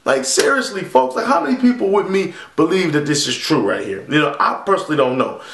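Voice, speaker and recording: A man vlogging a profane, rambling rant to camera, talking in a loud, animated way and swearing constantly. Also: high-pitched, fairly quick, vocal fry, slight background noise. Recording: echoey room.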